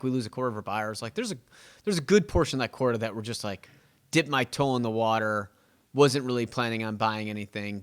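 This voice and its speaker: A man's voice: medium pitch, a bit bright. A man hosting a real estate podcast, talking in a rambling, self-mocking way and acting out his clients' questions. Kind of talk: casual podcast monologue.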